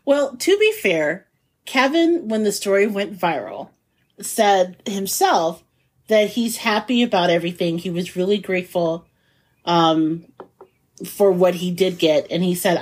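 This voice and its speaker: A woman's voice: on the low side, animated, measured pace. A woman co-hosting a podcast, laughing easily in casual chat and recapping a news story for her co-host.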